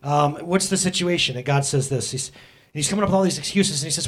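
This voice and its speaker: A man's voice: medium pitch, fast talker, slightly rough. A man preaching a casual sermon in church, joking and addressing the congregation directly. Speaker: pastor. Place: church sanctuary.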